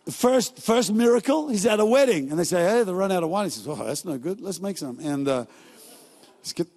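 Male pastor, fairly high voice, casual joking sermon delivery, recorded with long church-hall reverb. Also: animated, a little mellow. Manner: casual, joking storytelling with quick asides.

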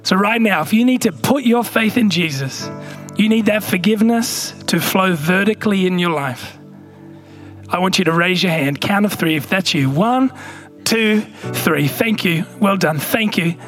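A male pastor, preaching a sermon with animated asides while reading scripture. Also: sits high, moderate pace, soft background music.

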